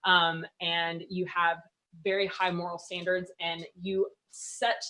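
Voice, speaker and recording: A woman hosting an interview, praising her guests effusively in a relaxed chat. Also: fairly low pitch, takes it slowly, poor audio. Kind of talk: casual interview talk.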